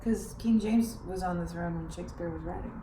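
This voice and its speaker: A woman with a very low voice explains things in an animated, teacherly way during a casual chat. She sits far from the mic in an echoey room, and clear background noise runs under her voice. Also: a little fast. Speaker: actor and director.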